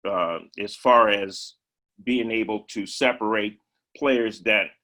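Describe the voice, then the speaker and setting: Older man, ex-player turned coach, halting conversational delivery with repeated words and throat-clearing. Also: lowish voice, steady tone, bright, forceful tone, poor audio. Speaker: former major league player and coach. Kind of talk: conversational interview.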